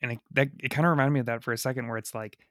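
A man's voice: mid-range voice, steady tone, rapid-fire, fairly bright tone, no echo, studio quality. A man talking through a film in a casual, rambling way, full of fillers and restarts.

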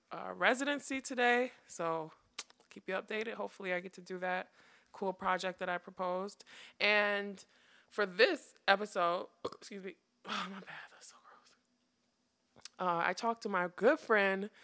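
A woman's voice: mid-range voice, pushed and bright, clear, resonant tone. A young woman host chatting casually on her podcast, telling a laughing, wry story while sounding tired. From United States. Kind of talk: casual chat.

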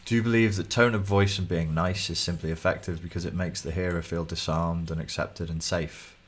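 A man with a Liverpool accent and a low-pitched voice, chatting casually as a coach. He tells stories in an animated way and slips into acted-out voices. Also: fairly quick. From Liverpool, England. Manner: animated storyteller, acts out voices. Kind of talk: casual podcast chat.

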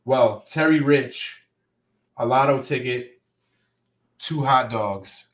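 A man's voice: mid-range voice, slow. Man hosting a loose, profane podcast. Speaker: podcast host. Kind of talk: casual podcast chat. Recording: roomy echo, faint noise.

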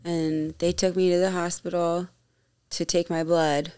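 A woman chiming in quietly and softly in a casual chat. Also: fairly low pitch, level tone, a little slow, clear, resonant tone, dry recording.

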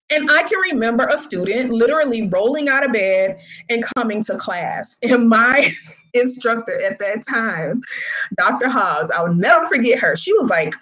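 A woman who works as a senior high school teacher, talking casually and acting out the people she quotes in raised voices. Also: animated, moderate pace, a bit bright, low-quality recording. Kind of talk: casual storytelling talk.

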